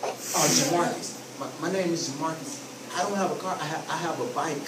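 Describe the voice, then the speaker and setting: A man putting on a nervous, halting young man who keeps trailing off. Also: a little high, reverberant, distant mic, noisy background, pitched below the performer's own voice, lightly acted. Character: nervous mumbling young man, unsure of himself.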